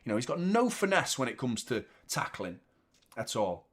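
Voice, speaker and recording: Manc guy hosting a footy watchalong, excitable, yells at the telly, swears a lot. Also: mid-range voice, normal speed. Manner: excitable, swears, shouts at the play. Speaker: football watchalong host. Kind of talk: live match reaction commentary.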